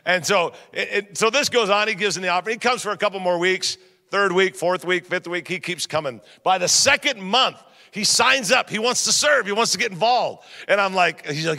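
Pastor preaching in a big church hall, high gravelly voice, lively and jokey with the crowd, long hall reverb. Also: male voice, fairly quick. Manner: animated, jokey, talks straight to the crowd. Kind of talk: sermon with humorous storytelling.

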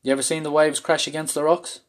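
A fast-talking man from Ireland with a fairly high, fairly flat voice tells a candid, intense story about a panic attack. He's open and swears freely in this personal storytelling.

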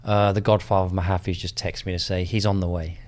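A man co-hosting a casual podcast, trading playful, quick banter with his friends. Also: low voice, little pitch movement, a little mellow. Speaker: podcast co-host, golf caddie. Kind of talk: casual chat.

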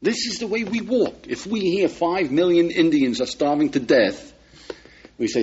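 A man's voice: a little high, animated, moderate pace, darkish tone, highs cut off, slight background noise. A man, a rabbi, lecturing an audience with emphasis and frequent rhetorical questions. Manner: emphatic, peppers talk with rhetorical questions to listeners.

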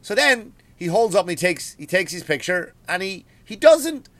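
An Irish comedian tears through a story in a profane, animated rant. His voice sits a bit higher than most men's. The sound is dry and close, recorded at home. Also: normal speed, dry recording. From Ireland. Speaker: comedian and podcast host.

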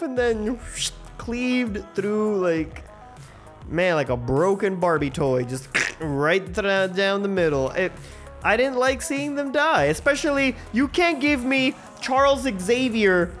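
A man hosting his own show, rambling excitedly and swearing freely through a casual movie review. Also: high-pitched, slow, faint music behind. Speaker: host.

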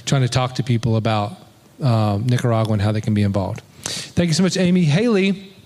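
A man leading a church service, talking casually and telling stories with lively quoted bits. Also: mid-range voice, a little fast. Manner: chatty, storytelling, animated quotes. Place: church sanctuary. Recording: long hall reverb.

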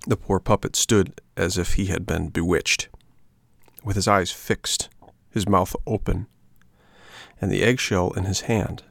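A man reading a children's book aloud in an expressive, measured storytelling manner. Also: deep voice, vocal fry, dry recording.

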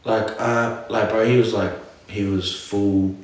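Animated man chatting in an echoey room. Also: on the low side, a little slow. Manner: animated, slangy, self-interrupting. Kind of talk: casual chat.

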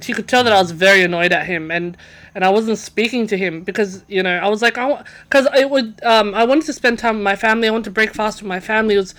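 A young woman guesting on a podcast tells a story in a casual chat, talking fast in a mid-range, slightly bright voice. She is chatty, with lots of fillers and restarts.

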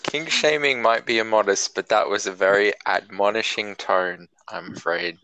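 Gravelly Australian man, deadpan banter. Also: on the low side, normal speed, no echo, low-quality recording. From rural New South Wales, Australia. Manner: deadpan mock-boastful banter. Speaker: podcast guest. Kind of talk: casual chat.

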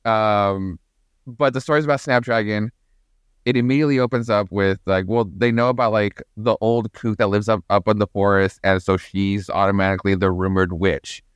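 A man's voice: on the low side, steady tone, moderate pace, clean tone, no echo. A man co-hosting a podcast, rambling enthusiastically with lots of fillers and casual swearing. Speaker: podcast co-host.

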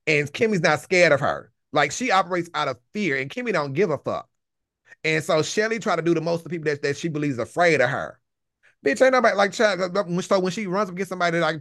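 Guy with a high voice, blunt and salty, cussing in a gossip chat. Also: lively intonation, fast, a bit bright. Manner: blunt, salty, cusses freely.

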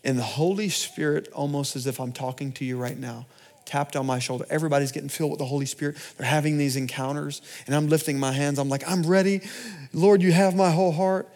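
A man giving a personal sermon testimony in church, storytelling with big swings between loud and hushed delivery. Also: medium pitch, fairly even intonation, fast talker. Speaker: pastor.

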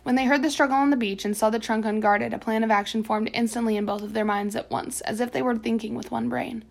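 A woman reads a children's adventure novel aloud, chapter by chapter, with expressive storytelling. Her voice sits a little high and carries a noticeable gravelly fry. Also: quick pace. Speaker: audiobook narrator.

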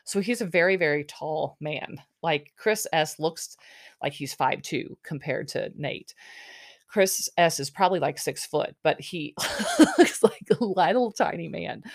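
Chatty low-voiced woman recapping a show. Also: very animated, normal speed, dry recording, studio quality. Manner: chatty, filler-heavy, with frequent "like" and "um"; opinionated storytelling. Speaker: reality TV recap host. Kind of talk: casual episode recap commentary.

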